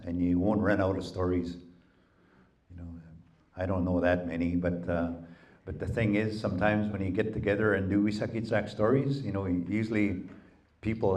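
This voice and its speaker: A man telling folk tales aloud to an audience in a relaxed, folksy way, often saying "you know". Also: lowish voice. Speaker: storyteller. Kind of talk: oral folk storytelling. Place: public library event.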